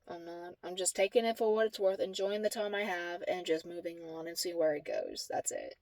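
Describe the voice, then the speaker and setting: A woman's voice: fairly low pitch, big pitch swings, brisk, darkish tone, dry recording. A woman vlogging to camera, telling a story in a blunt, profane, exasperated way. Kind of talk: casual storytelling vlog.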